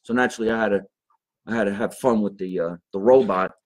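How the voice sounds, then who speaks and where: A man's voice: lowish voice, fast talker. Joking male podcast host. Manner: joking, chatty. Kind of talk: casual chat. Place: basement in New Jersey.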